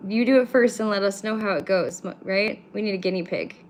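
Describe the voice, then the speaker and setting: Canadian woman hosting a home livestream; blunt, profane, teasing, mid-pitched, faint background hiss. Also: a little fast. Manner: blunt and swears freely, teasing her chat. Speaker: livestream host. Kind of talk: casual livestream chat with viewers. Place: home room with pets.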